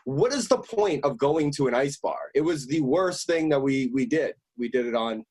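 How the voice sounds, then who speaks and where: A man's voice: medium pitch, expressive, moderate pace, a little mellow, husky. A man co-hosting a casual chat on a video call, telling rambling stories and laughing often. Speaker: co-host.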